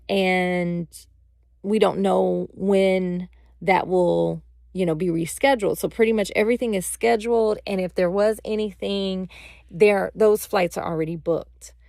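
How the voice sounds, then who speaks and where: A woman's voice: medium pitch, vocal fry, a little mellow, dry recording, clean studio sound. A woman voicing a polite airline manager who formally explains a problem while retelling a story.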